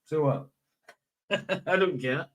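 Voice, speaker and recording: A man's voice: fairly high pitch, takes it slowly, poor audio. A man hosting a casual livestream chat, rambling, often laughing and breaking off mid-sentence. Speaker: livestream host. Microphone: streaming setup.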